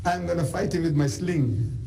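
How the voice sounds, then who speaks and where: A man's voice: a little high, normal speed, creaky, slight background noise, pitched above the performer's own voice, rough recording. A man voicing an eager, bold young shepherd boy who begs his commander to let him fight, in a lecture retelling. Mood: earnest. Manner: pleading, excited enthusiasm.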